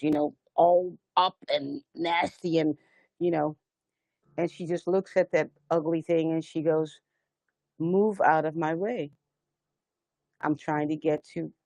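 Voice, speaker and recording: A woman's voice: lowish voice, darkish tone, no echo. A woman hosting a live spiritual stream, telling stories earnestly and rambling with many restarts, urging listeners to stand strong. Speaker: host of a live sound healing stream. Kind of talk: spiritual livestream talk.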